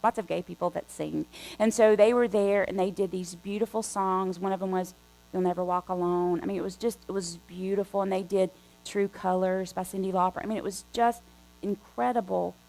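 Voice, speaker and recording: A woman guest preacher telling a story in a conversational, animated way from the pulpit. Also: medium pitch, fairly quick, vocal fry, faint music behind, poor audio. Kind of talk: storytelling sermon. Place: church sanctuary.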